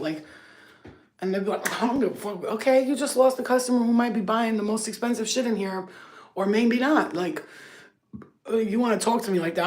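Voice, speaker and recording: A slightly mellow, mid-range female voice belongs to a spiritual healing channel host of Albanian background. Speaking casually to camera without a script, she rants in a blunt, profane, meandering way packed with fillers.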